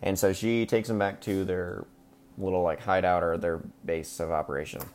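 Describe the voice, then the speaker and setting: A man with a very low voice recaps a film on his podcast. He rambles loosely, peppering his talk with ums and likes and swearing for laughs. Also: little pitch movement, moderate pace, a little mellow. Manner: rambling, crude and joking, with frequent fillers. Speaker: podcast host. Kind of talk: casual movie recap.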